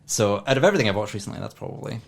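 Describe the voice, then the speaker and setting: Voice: medium pitch, expressive, very fast, vocal fry. A podcast co-host recommending a film, rambling enthusiastically with a lot of "like". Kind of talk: casual chat.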